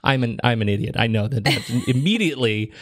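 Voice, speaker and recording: A man's voice: mid-range voice, a little fast, no echo, studio quality. A middle-aged man hosting a podcast, talking casually in a playful, self-mocking way. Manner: playful, self-mocking, jumps into excited mock voice. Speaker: podcast host.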